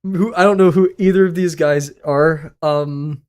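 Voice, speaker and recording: A streamer chatting casually and excitedly with viewers, laughing often and swearing freely while reacting to chat. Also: medium pitch, unhurried.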